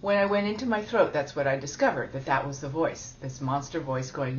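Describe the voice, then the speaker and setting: A woman's voice: low-pitched, brisk, slight background noise. A woman giving a spiritual teaching talk in a chatty, self-deprecating way, laughing often. It sounds like a dull lo-fi recording.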